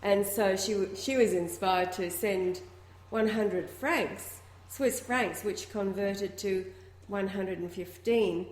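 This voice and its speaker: A woman's voice: medium pitch, takes it slowly, darkish tone, slight background noise. A woman co-hosting a talk show in casual chat, prompting her guest with questions. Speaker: radio show co-host. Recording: echoey room.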